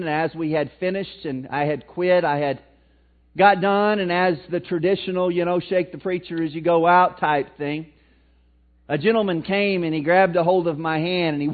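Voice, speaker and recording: A man with a Missouri accent preaching a sermon in a folksy way, swinging between loud emphatic lines and low, quiet ones. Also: moderate pace. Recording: tinny phone-like sound, mic cutting out.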